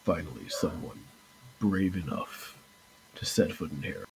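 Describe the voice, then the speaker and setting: A man voicing a villainous male inventor who defies the gods, speaking slowly and gravely. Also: sits low, animated, pitched below the performer's own voice, exaggerated voice, low-quality recording. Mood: menacing.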